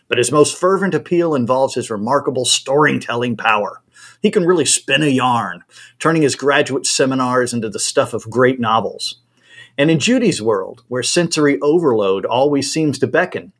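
A man reading a story aloud at a brisk, expressive pace. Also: mid-range voice, breathy edge. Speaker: reader.

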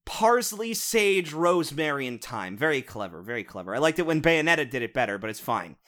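A man's voice: fairly high pitch, big pitch swings, brisk, a bit bright. A young man co-hosting a podcast, ranting sarcastically about cartoons with lots of swearing. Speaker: podcast co-host reviewing cartoons. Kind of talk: casual comedic rant.

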